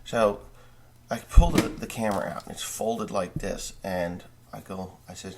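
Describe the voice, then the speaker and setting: A farmer vlogger telling a long, rambling dream story in a casual way, full of profanity and self-corrections. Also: male voice, on the low side, fairly even intonation, a little slow, noisy background.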